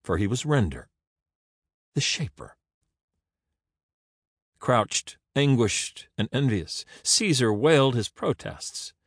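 A man narrating an audiobook in an expressive, dramatic reading. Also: medium pitch, slow, long pauses, slightly rough, dry recording, clean studio sound.

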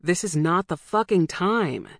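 A woman's voice: lowish voice, lively intonation, a little slow, creaky, no room sound, studio quality, full character voice. A woman doing a young man's urgent scolding. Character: frightened young man, the narrator's brother.

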